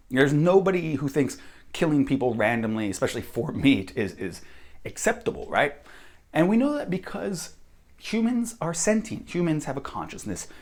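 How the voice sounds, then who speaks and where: A man's voice: a little high, darkish tone. An American man giving a blunt, profane opinion monologue as a vlogger. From United States.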